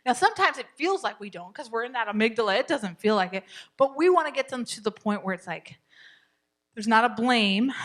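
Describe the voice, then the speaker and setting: In a church meeting room, a middle-aged woman teaches a parenting class to a live group. Her voice is on the high side, and she's chatty and lively, often laughing and acting out what parents and kids say.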